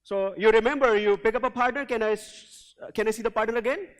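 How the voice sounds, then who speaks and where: High-voiced energetic male keynote coach. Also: quick pace. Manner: energetic, storytelling, drives audience participation. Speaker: leadership coach, keynote speaker. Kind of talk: motivational keynote with audience call-and-response. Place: hotel event hall before a large audience.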